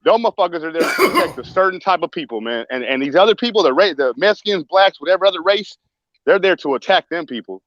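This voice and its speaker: A man's voice: a little high, animated, fast talker, fairly bright tone, dry recording. A man in a casual podcast chat, talking with passion and restarting his phrases. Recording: dull dry lo-fi sound.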